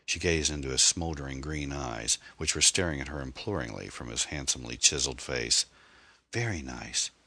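A man narrating a novel in a measured, steady storytelling manner. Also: very deep voice, no room sound. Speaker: audiobook narrator.

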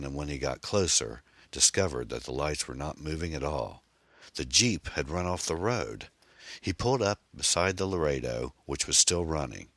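A male narrator with an extremely deep voice, reading an audiobook in a steady, measured way. His tone has a bright, forceful edge, and the recording is close and completely dry. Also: dry recording.

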